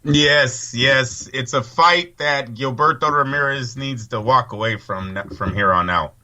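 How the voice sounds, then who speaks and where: A man's voice: medium pitch, measured pace, pushed and bright, highs cut off. A man co-hosting a casual boxing podcast, giving rambling, opinionated takes with casual swearing. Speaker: co-host.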